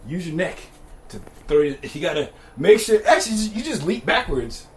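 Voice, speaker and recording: A man's voice: a little high, big pitch swings, moderate pace, a little hiss or hum. A young man casually telling funny stories, laughing often and acting out the other people's lines. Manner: laid-back, laughs often, swears freely; acts out dialogue in shifting voices. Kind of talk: casual storytelling.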